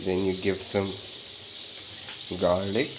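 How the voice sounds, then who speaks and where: A man's voice: sits low, completely flat delivery, slow pace, very noisy. A young man, a Bengali speaker, chatting playfully while he cooks, joking with himself between steps. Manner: playful and self-amused, joking asides. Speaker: home cook vlogger. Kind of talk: casual cooking narration.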